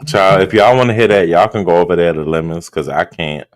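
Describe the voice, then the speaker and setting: Low-voiced man chatting on stream. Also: fairly quick. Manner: blunt, profane, chatty, reads viewer comments aloud. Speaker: streamer reacting to a live stream. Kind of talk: casual livestream commentary.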